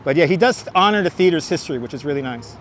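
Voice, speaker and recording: Brooklyn guy rambling on a live street walk, bit high-pitched, jokey asides, clip mic outside. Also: animated, fast, a bit bright, a little hiss or hum. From Brooklyn, New York. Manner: chatty, rambling, answers chat questions aloud, jokey asides. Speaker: livestream walking tour host. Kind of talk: casual live street-tour narration. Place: outdoors on busy city streets. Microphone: wireless clip-on mic, phone on gimbal.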